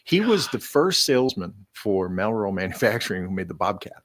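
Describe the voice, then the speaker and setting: A man's voice: on the low side, fairly quick, no room sound. An older man as a studio guest, telling a story casually and acting out the quoted lines. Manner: animated anecdote teller, acting out quoted dialogue. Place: radio studio.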